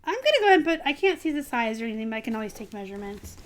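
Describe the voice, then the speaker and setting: A woman reselling clothes, chatting casually to her live-stream viewers with lots of ums and bursts of excitement. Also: on the high side, racing, slight background noise. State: dry throat, clearing it.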